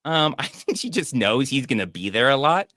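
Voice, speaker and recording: A man's voice: mid-range voice, sing-song, moderate pace, sharp tone, no room sound, clean studio sound. A man hosting a casual movie review show, making sarcastic, mocking comments about a film. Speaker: podcast host and movie reviewer.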